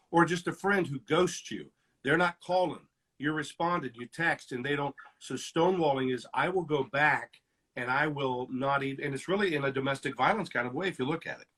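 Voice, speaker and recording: A middle-aged male counselor talks through relationship conflict, slipping into little performances of what people say to each other. His voice is husky and sits at an ordinary pitch for a man. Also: normal speed. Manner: animated, acts out quoted lines with shifts in loudness. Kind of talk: teaching conversation.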